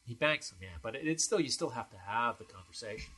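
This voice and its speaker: A man hosting a podcast from his apartment, chatting casually in a dry, halting, self-deprecating way. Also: medium pitch, lively intonation, pushed and bright, slightly rough, soft background music. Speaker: podcast host and comedian. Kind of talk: casual chat.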